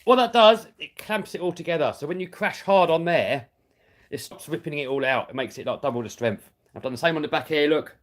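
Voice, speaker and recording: Tinkering with a radio-controlled car on a live stream, a British-accented YouTuber reads his chat aloud and laughs readily. He talks fairly quickly in an animated voice on the high side.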